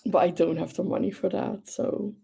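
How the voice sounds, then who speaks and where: A woman's voice: fairly low pitch, fairly even intonation, moderate pace, creaky, dark tone, husky. A young woman hosting a livestream, chatting casually and gushing with enthusiasm, with lots of fillers. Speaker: livestream host. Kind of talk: casual chat.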